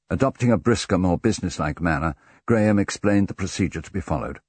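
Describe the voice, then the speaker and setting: A man narrating a classic mystery audiobook in a measured storytelling manner. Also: low voice, expressive, a little mellow, husky, dry recording. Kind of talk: scripted narration.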